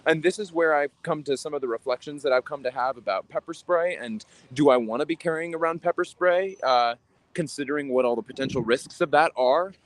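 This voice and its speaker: A man in his twenties livestreaming as he walks city streets, talking in a halting, reflective way with frequent sighs. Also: fairly high pitch, dry recording. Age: 20s. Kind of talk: walking livestream talk.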